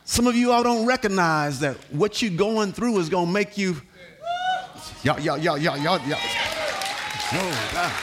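A man preaching a sermon as pastor in a church, building to shouts, repeating words and calling on the congregation to respond. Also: high voice, measured pace, pauses often, crowd noise, background noise. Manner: repeats words, sings some lines. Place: church hall.

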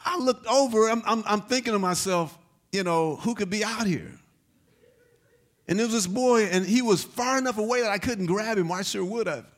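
A man preaching a sermon, telling a personal story and building to shouted exhortation. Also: high-pitched, fairly quick.

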